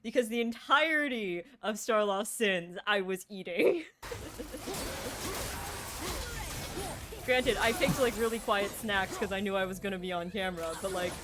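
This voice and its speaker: A streamer chatting casually during a game stream, excitable and chatty, laughing often. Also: medium pitch, slow, long pauses, background noise.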